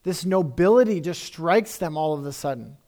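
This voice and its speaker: A man's voice: fairly high pitch, lively intonation, normal speed, a little mellow. A man preaching a sermon in a conversational, emphatic way, often repeating phrases for effect.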